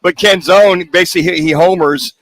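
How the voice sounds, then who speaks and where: A man's voice: high voice, fairly quick, a bit bright. A man co-hosting sports radio live from a bar, telling stories in a rambling way with many restarts. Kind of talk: casual sports talk.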